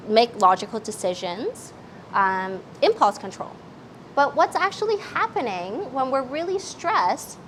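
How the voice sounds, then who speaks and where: Mom-age woman giving a parenting talk, kinda high voice, asks the room to join in, faint hum behind. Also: rough recording. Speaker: parenting workshop speaker.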